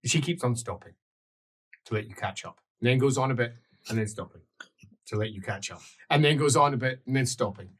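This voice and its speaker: Husky-voiced male game master. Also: medium pitch, fairly quick. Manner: quiet narration with bursts of loud character shouts. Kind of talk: narrating a tabletop game.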